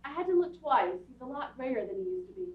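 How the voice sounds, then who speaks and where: A woman playing an excitable young society wife in a radio play, breathless and emotional. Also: sits high, quick pace. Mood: anxious. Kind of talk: community radio theatre acting. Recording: echoey hall, far from mic, muffled.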